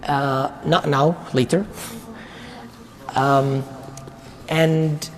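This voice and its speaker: A man teaching a Quran study circle, retelling a story in a casual, conversational way with quick asides. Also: fairly high pitch, level tone. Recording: long reverb of a large hall.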